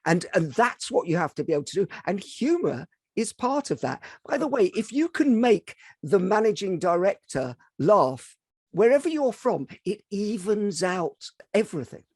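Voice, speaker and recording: Higher-voiced man hosting, dry and close. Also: very animated, moderate pace, husky, no echo. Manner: reflective, explains ideas about communication. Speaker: host, interviewer. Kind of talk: casual interview chat.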